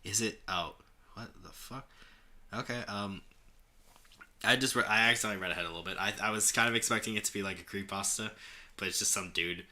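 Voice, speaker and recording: A man's voice: on the low side, quick pace, bright, forceful tone. Sarcastic young man reading fan fiction. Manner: sarcastic, laughs often, swears, breaks off to comment. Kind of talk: mocking dramatic reading with banter.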